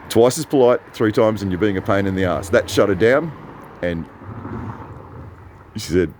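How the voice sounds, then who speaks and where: A man's voice: on the low side, lively intonation, moderate pace, pauses often, a little mellow, a little hiss or hum. An Australian man rambling through a chatty story in a casual monologue, often correcting himself. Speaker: vlogger.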